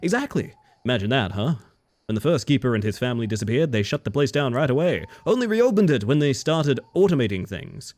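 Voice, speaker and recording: A man voicing a friendly, boastful male fishing-boat captain in a video game, with folksy, chatty delivery and a pitch that rises and falls freely. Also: big pitch swings, brisk, a little mellow, close to an everyday voice.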